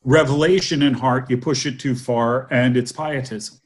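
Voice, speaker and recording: A man's voice: medium pitch, fairly even intonation, normal speed. Man explaining methodically. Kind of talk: casual discussion.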